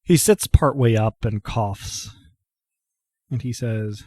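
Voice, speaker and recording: Unhurried man running a tabletop game. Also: mid-range voice, dry recording, studio quality. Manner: relaxed, unhurried, laughs easily. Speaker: game master.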